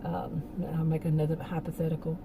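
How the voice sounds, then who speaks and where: A woman's voice: low voice, monotone, brisk, noisy background. A woman talking casually in a rambling monologue, laughing often and restarting her sentences. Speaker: channel host.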